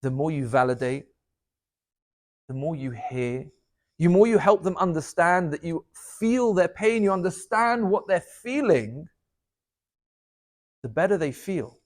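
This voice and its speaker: A man, a rabbi, giving an inspirational talk, swinging from loud, emphatic lines to soft, low asides. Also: expressive, measured pace, pauses often.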